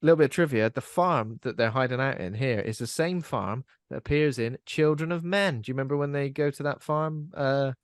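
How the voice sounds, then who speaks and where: A man's voice: medium pitch, brisk, few pauses, clean tone, no echo. A man co-hosting a casual film podcast, chatty and rambling with frequent fillers. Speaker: podcast co-host.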